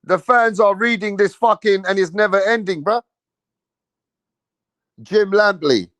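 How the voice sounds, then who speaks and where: A man's voice: high voice, unhurried, fairly bright tone, no room sound. Slangy man ranting on a livestream. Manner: swearing, slangy, talks to chat. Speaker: livestream host. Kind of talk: casual livestream rant.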